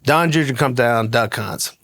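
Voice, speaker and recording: A man's voice: medium pitch, moderate pace, gravelly. A middle-aged man with a Southern American accent, telling a story in casual talk as a guest and laughing as he goes. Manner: animated, laughs through his story.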